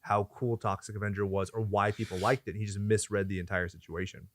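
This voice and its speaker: A man's voice: lowish voice, flat delivery, fairly quick, background noise. A man in his thirties hosting a podcast, talking casually with crude, sarcastic jokes. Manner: profane, sarcastic, jokey. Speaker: podcast host.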